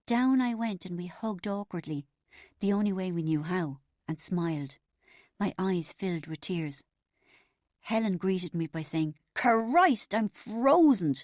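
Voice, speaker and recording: A woman narrating an audiobook in the first person, wry and expressive. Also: lowish voice, a little slow, no echo, clean studio sound.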